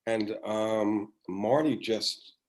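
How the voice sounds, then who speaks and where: A man's voice: fairly low pitch, very slow, rough recording. An older man, a former children's TV writer, chatting as a podcast guest and telling rambling stories with many restarts over a video call. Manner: rambling, warm storytelling with restarts. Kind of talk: casual chat.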